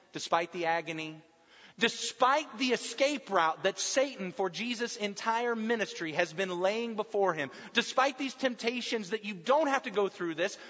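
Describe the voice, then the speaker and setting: High-voiced preacher in an echoing hall. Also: male voice, bright, forceful tone. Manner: emphatic, builds repeated lists. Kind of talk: sermon. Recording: muffled recording, long hall reverb.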